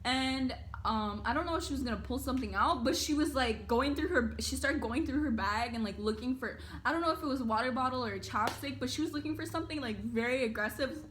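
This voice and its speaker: A young woman with a somewhat high voice tells a story to her viewers in a loose, casual way. She rambles, leans on filler words and swears freely as she goes. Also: fast, few pauses, fairly bright tone, a little hiss or hum. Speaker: vlogger.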